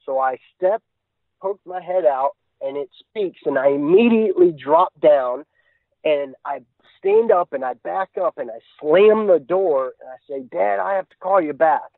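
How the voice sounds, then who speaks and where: A man's voice: fairly high pitch, lively intonation, unhurried, no echo. A man recounting a frightening encounter in casual storytelling, earnest and run-on, chaining events together. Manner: earnest, tumbling run-on retelling. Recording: tinny dry phone line.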